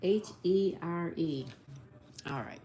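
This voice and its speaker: Slow, mellow-voiced woman streamer. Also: lowish voice, a little hiss or hum. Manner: slow, spells answers letter by letter and reads out viewer comments. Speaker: live-stream host. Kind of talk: casual live-stream chat.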